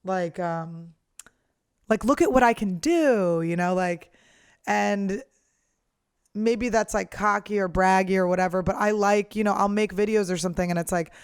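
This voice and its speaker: A woman's voice: medium pitch, moderate pace, clear, resonant tone, dry recording, clean studio sound. Blunt, foul-mouthed woman comedian. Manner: blunt, profane, lively ranting. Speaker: professional comedian, podcast host. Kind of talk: casual monologue.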